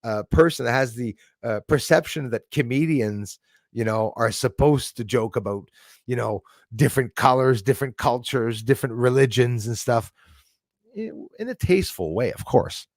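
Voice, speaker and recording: A Canadian man hosts a casual live stream. He rants with fired-up opinions and laughs between remarks, and his voice has a gravelly, fry-edged texture. The sound is dry and close. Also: medium pitch, expressive, moderate pace, no echo. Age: 40s. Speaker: livestream host. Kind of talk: casual live-stream chat reading viewer comments.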